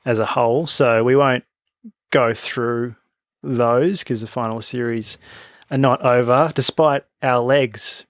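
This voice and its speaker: A man's voice: medium pitch, fairly even intonation, takes it slowly, no room sound, clean studio sound. An Australian man co-hosting a casual podcast, joking around and leading the talk with questions. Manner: jokey, leads with questions, many fillers. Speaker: podcast co-host. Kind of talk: casual chat.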